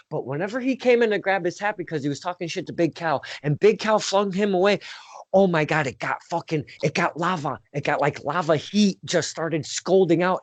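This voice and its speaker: A man hosting a podcast, telling stories in an excitable, sweary, casual way. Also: high-pitched, dry recording. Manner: excitable storyteller, swears freely. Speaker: podcast host. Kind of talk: casual interview chat. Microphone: video call.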